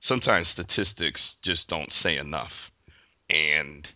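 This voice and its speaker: A sports talk show host rants emphatically about football in an extremely low, unhurried voice. The recording is dry and sounds like a phone line.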